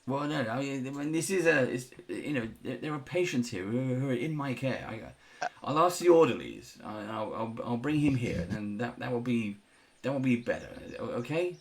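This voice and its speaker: A man's voice: medium pitch, expressive, moderate pace, slight background noise, natural voice. A man doing a stammering, flustered sanatorium doctor. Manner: stammering, defensive, fussy. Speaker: game master.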